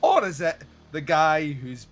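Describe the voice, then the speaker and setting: A man's voice: fairly high pitch, measured pace, soft background music. A man hosting a film podcast, chatting casually, swearing and acting out film scenes. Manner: swearing, animated, acts out scenes. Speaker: podcast host.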